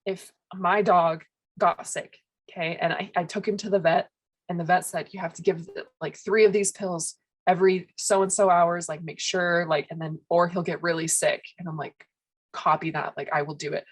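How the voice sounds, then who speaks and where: Woman co-host, slightly low voice, chatty and thoughtful, casual heart-to-heart. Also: steady tone, moderate pace, breathy edge. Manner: chatty, heavy use of "like", thoughtful. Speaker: podcast co-host.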